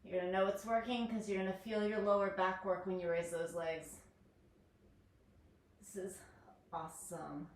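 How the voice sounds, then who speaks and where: A woman fitness instructor leads a home workout, counting down each set of reps and cheering viewers on in an upbeat, encouraging way. Her mid-range voice is fairly quick and fairly even in intonation, with few pauses. The recording has an echoey room, a distant mic and faint noise.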